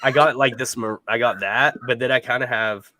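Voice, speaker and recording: Man, podcast host, bright tone, dry close sound, upbeat. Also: medium pitch, steady tone, normal speed, dry recording. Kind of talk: casual podcast chat.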